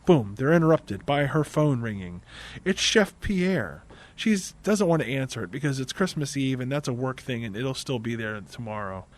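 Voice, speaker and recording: A man's voice: mid-range voice, lively intonation, normal speed. A tired man hosting a podcast, casually recapping a film's plot with dry, wry asides. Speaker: podcast host.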